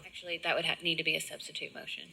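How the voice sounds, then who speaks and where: A woman chairing a county commission meeting, brisk and procedural. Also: low voice, little pitch movement, creaky, bright, forceful tone, breathy edge, rough recording.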